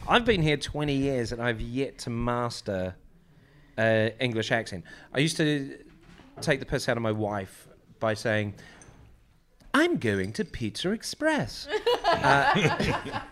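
A man's voice: medium pitch, unhurried, fairly bright tone, slight background noise. A middle-aged man with a New Zealand accent, chatting casually as a host and telling anecdotes with easy fillers. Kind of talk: casual chat.

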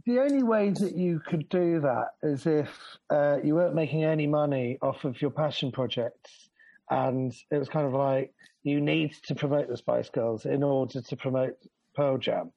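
A man's voice: on the high side, moderate pace, gravelly, lo-fi sound. A man co-hosting a podcast, reasoning aloud in casual chat.

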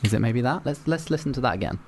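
A man's voice: mid-range voice, lively intonation, quick pace, a little mellow, a little hiss or hum. A man hosting a comedy podcast, chatty and giggly, who often repeats words while he thinks. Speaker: podcast host. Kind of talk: casual comedic chat.

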